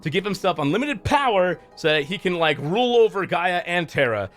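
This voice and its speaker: A man's voice: high-pitched, big pitch swings, brisk, fairly bright tone, faint music behind. A man streamer casually recapping a game's story, loose and profane, rambling with lots of fillers.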